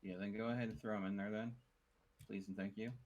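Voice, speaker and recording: A man's voice: lowish voice, flat delivery, fast, a little mellow, muffled recording. A man hosting a multiplayer game session, instructing his teammates on what to build. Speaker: host organizing the team.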